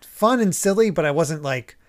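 Slightly high-voiced casual male podcast host. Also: normal speed. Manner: animated retelling with frequent laughs and acted quotes. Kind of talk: casual chat recapping manga chapters.

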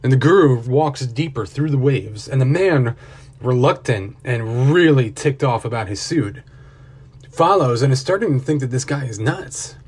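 A man's voice: medium pitch, expressive, moderate pace, a little mellow, slightly rough. A man narrating a motivational story earnestly, with building intensity.

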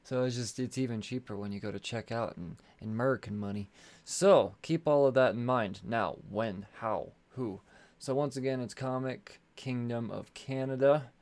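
A man's voice: mid-range voice, moderate pace, darkish tone. A man hosting a podcast, reading sponsor ads in a loose, rambling way, swearing and tripping over his words. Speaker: podcast host. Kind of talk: casual solo podcast ad read.

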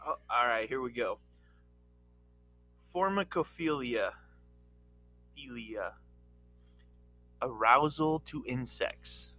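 A man's voice: mid-range voice, animated, slow pace, long pauses, pushed and bright, soft background music. A man co-hosting a podcast who reads out topics and asks wry questions during crude banter. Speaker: podcast co-host.

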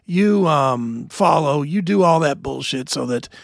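A male podcast host chatting casually, hoarse and joking, with a profane, laughing manner. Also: on the high side, lively intonation, unhurried, dry recording, clean studio sound. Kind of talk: casual chat.

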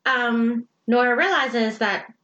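A woman co-hosting a book podcast in casual chat, chiming in with quick reactions and quips. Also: fairly high pitch, pushed and bright, dull audio.

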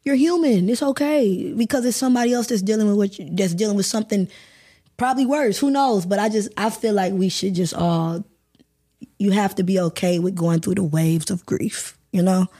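A woman's voice: medium pitch, brisk, dark tone. A woman guest on a podcast, telling a personal story candidly and emotionally, with some swearing. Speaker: guest actor.

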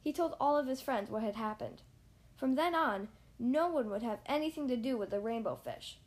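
A woman hosting a podcast, reading a children's picture book aloud with a lively, expressive delivery. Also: on the high side, moderate pace. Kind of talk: storybook read-aloud.

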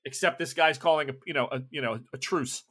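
A man's voice: on the high side, fast, fairly bright tone. A man narrating a tabletop game as game master, loose and chatty with many restarts.

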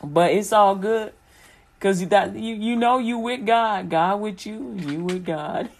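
A woman's voice: mid-range voice, slow. Rambling, laughing woman from Chicago. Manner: rambling, colloquial, laughs often. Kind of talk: casual faith chat.

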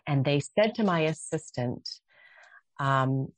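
A woman's voice: deep voice, a little slow, no echo. A middle-aged woman speaking passionately as a guest on a faith interview, acting out her own prayers and quotes. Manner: impassioned, dramatic acted-out quotes.

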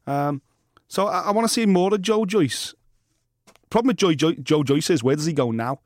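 A man's voice: on the high side, expressive, moderate pace, dry recording, clean studio sound. Blunt, swearing man. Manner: swearing, blunt opinionated banter. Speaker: boxing podcast co-host. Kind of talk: casual chat.

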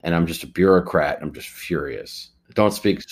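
Man, very low voice, deadpan, improvised comedy pitches. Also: normal speed, slightly rough. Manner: deadpan absurd storytelling. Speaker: podcast co-host.

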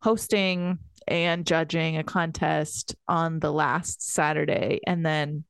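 A woman's voice: low-pitched, fairly even intonation, slow pace, gravelly, smooth, no echo, studio quality. A woman from Iowa in her thirties, a podcast co-host talking casually and laughing often. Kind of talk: casual chat.

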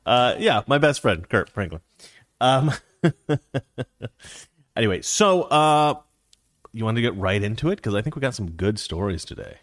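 A sarcastic male host rants through casual livestream commentary. His pitch swings up and down as he talks, and the sound is dry and close. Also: very animated, unhurried, pauses often, no room sound. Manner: sarcastic, ranting.

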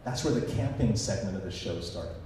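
This speaker has a deep, warm, expressive voice and talks a little fast, animatedly telling stories to a conference audience and performing the voices he quotes. The echoey hall recording comes from a distance and carries a bit of hiss or hum.

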